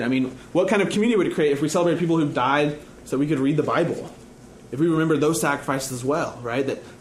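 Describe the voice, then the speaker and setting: A fairly high-voiced man gives a casual, conversational sermon, often checking in by asking "right?". He is recorded in an echoey room with faint background noise. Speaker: preacher and teacher.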